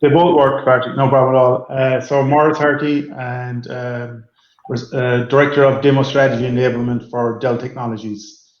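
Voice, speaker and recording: A man introducing himself on a video call panel, measured and formal. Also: medium pitch, flat delivery, echoey room, lo-fi sound.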